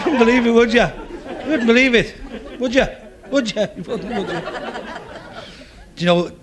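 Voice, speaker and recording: A high-voiced man works the room, chatting with the crowd and repeating his gags. A lively audience laughs around him. Steady hiss runs under the old club recording. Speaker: stand-up comedian. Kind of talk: stand-up routine.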